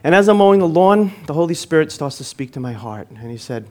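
A man preaching a sermon, telling a personal story in an earnest way, with phrases that swell and then fall quiet at the end. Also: a little high, sing-song, quick pace.

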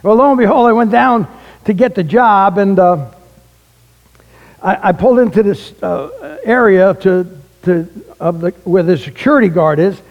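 A man, a retired pastor telling a personal testimony, animated and acting out the dialogue in his story. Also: high-pitched, moderate pace, muffled recording. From the Bronx, New York. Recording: echoey hall.

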